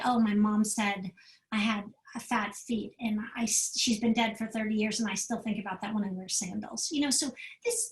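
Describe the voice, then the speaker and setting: A middle-aged woman psychiatrist gives a parenting talk, fairly high-voiced and animated. She acts out the quotes as she tells her stories. Her voice carries with echo around the room. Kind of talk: storytelling lecture. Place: event room.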